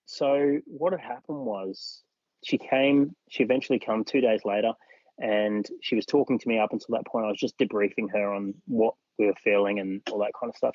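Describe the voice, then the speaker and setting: An Australian podcast guest with a lowish, slightly mellow voice shares a personal experience, acting out the dialogue of others. The sound is dull, with no echo.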